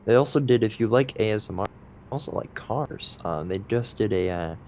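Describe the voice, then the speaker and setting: A man's voice: on the low side, expressive, moderate pace, dull audio, a little hiss or hum. A young man co-hosting a casual podcast, rambling and laughing, often stopping to restart his sentences. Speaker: podcast co-host. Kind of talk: casual chat.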